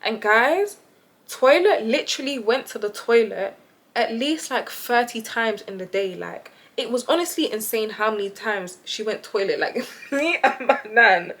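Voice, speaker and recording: A woman's voice: on the high side, fairly bright tone. A young woman talking to camera, telling a story in a chatty, exasperated way and often addressing her viewers. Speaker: vlogger.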